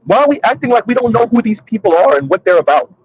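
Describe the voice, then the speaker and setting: Sassy, preachy social commentary comes straight at the audience from this commentary streamer in his thirties. His fairly high, slightly husky voice swings widely in pitch at a quick pace, and the dry, dull lo-fi recording has no room sound.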